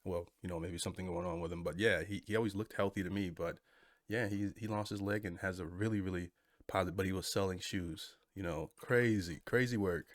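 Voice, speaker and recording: A man's voice: low-pitched, steady tone, a little fast, dry recording, clean studio sound. A man hosting a reaction video, rambling through his comments in a laid-back, casual way.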